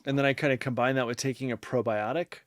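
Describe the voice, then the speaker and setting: A man co-hosting a casual podcast, talking in a loose, rambling way and stopping now and then to read listener comments aloud. His voice sits at an ordinary middle pitch. It sounds close and dry, with no room around it. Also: steady tone, fast talker, dry recording. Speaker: podcast co-host.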